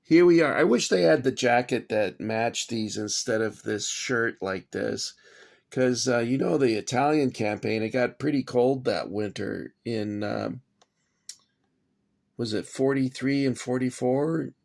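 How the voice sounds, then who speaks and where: A man talks slowly, with a gravelly, creaky voice. He rambles at home in a casual vlog, agitated, swearing and then apologizing. His pitch sits in an average range. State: shaking after anger. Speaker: toy collector vlogger. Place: home kitchen.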